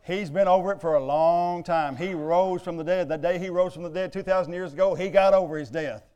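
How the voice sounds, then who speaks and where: A middle-aged pastor with a high, warm, clean voice preaches a church sermon fairly quickly, his intonation fairly even. He's emphatic and conversational, leaning on rhetorical questions.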